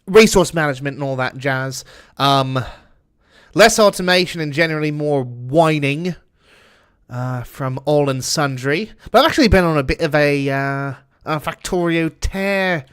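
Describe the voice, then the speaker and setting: A male game streamer talks in a put-on British accent, cursing casually and answering his chat as he plays. His voice sits a little high for a man. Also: measured pace, clear, resonant tone. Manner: chatty, swears often, answers chat while playing. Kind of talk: casual gameplay commentary.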